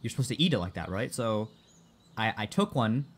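A man's voice: fairly low pitch, sing-song, brisk, slightly rough. A man streaming a game, chatting casually in a rambling, stammering, profane way. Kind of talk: casual live-stream chat. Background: game music.

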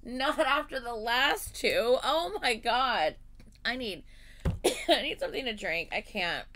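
A woman reacting to music videos in casual commentary, effusive and exclamatory, swinging from loud gushing to quiet murmurs. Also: on the high side, lively intonation, takes it slowly, a little hiss or hum.

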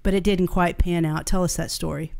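A woman's voice: fairly low pitch, fairly even intonation, creaky, darkish tone. A woman hosting a casual interview, prompting her guest to tell his stories. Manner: friendly, prompting, quick to laugh along. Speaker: host.

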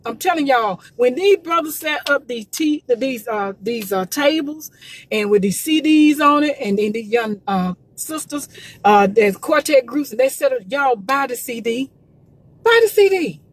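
Lady promoter, husky voice kinda high, repeats herself, preachy and emphatic. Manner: emphatic, repetitive, preachy urging. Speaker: gospel music promoter. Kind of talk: casual livestream talk.

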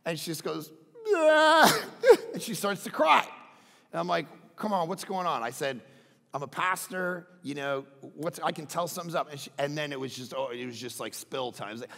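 Pastor, male, animated storyteller, raspy fry, long hall echo. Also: a little high. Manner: animated, acts out dialogue in quick bursts. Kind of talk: sermon storytelling. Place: large church hall.

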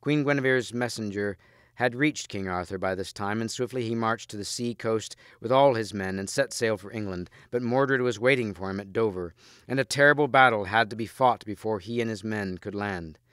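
A man reading a storybook aloud in a measured, steady way, close to the mic. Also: on the low side, clean tone, dry recording. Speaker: audiobook reader.

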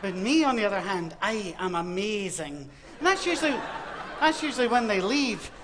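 Wry preacher with a West Virginian accent. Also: male voice, high voice, sing-song, normal speed, background noise. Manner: wry storytelling, dry punchlines. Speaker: preacher speaking to students. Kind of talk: humorous sermon talk.

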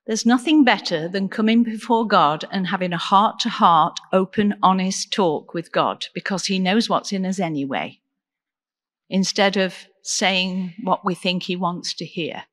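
A woman deacon preaching a sermon in an earnest, measured way, asking the congregation questions. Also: mid-range voice, fairly bright tone, in a large hall. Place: church.

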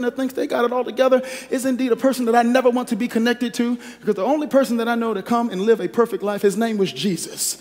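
High-voiced man preaching a sermon in an echoey hall. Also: quick pace, hardly any pauses. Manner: lively call-and-response, teasing the congregation. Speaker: pastor. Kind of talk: sermon with scripture reading.

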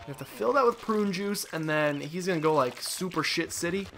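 A young man giving casual, jokey let's play commentary, excitable and talking to the game figures. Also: a little high, a little fast. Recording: voice over loud game music. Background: game music.

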